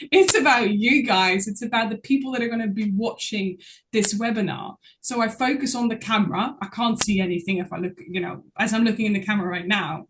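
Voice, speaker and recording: A woman guest talking as a public speaking coach in a casual interview, expressive and laughing often as she speaks. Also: on the high side, slight background noise.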